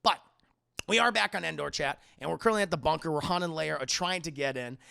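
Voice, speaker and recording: A man hosting a live stream, reviewing a film and greeting his chat in an animated, effusive way. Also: fairly high pitch, fast talker, creaky, clear, resonant tone.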